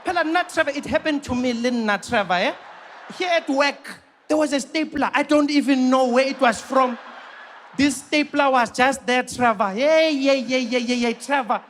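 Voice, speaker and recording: A man's voice: extremely high pitch, moderate pace, a bit bright, slight background noise, voice pushed up. A man putting on a nosy South African coworker. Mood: excited. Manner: teasing, prying, repeating a name for emphasis.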